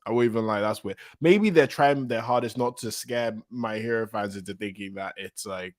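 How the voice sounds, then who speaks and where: A man hosting a casual manga reaction, excitable and gushing, often breaking off mid-sentence. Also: fairly low pitch, normal speed, dry recording.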